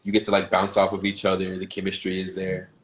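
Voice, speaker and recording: Laid-back young man, low voice. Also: completely flat delivery, poor audio. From Southern United States. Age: young adult. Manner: laid-back, laughs often, drawls words slowly at times. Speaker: actor guest. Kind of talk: casual livestream chat.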